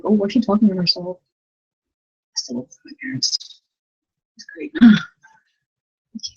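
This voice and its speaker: A woman's voice: mid-range voice, big pitch swings, measured pace, gravelly, long pauses, darkish tone, breathy edge, lo-fi sound. A young woman teaching a casual livestream lesson from her bedroom at night, rambling, giggly and self-deprecating, with lots of "like.". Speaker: language tutor.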